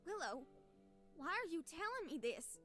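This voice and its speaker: A nervous, devout young woman, voiced by a woman, answers in a high, bright, sharp voice. She sounds defensive and quick to protest, a guarded game character. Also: very animated, soft background music, heavily acted. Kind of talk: video game voice acting.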